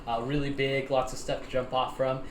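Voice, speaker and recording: A young man casually telling a story to friends on a podcast, animated, laughing often and acting out the people in it. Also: medium pitch, brisk, a little hiss or hum. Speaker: podcast host. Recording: echoey room with faint ambience.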